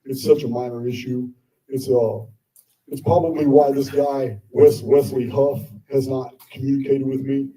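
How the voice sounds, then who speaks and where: A man's voice: medium pitch, little pitch movement, normal speed, dark tone, recorded from a distance, low-quality recording. A man presenting live to an audience, talking bluntly and combatively with frequent swearing. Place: indoor meetup venue with audience.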